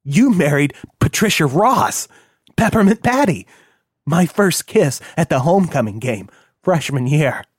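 A man voicing a grown male hacker, eager and a bit odd, quietly wistful, in a dry close recording. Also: mid-range voice, slow, husky, no room sound.

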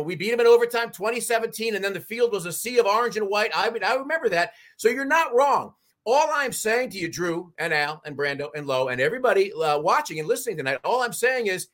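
A man's voice: high-pitched, fairly bright tone. A middle-aged man, passionately rallying fans on a sports talk show. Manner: fired-up, preachy, raises voice to rally fans.

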